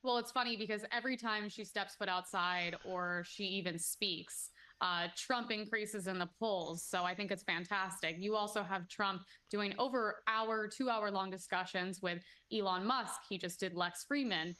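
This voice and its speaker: A woman's voice: medium pitch, normal speed, hardly any pauses, bright, forceful tone. A woman giving opinionated commentary in a casual exchange, talking emphatically and indignantly, often restarting her sentences. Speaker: commentator guest.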